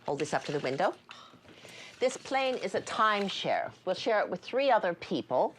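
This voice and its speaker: A woman's voice: medium pitch, sing-song, moderate pace, a little hiss or hum, natural voice. An actress playing a haughty, formal older mother who speaks in a clipped, imperious way in a TV comedy-drama. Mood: breezy.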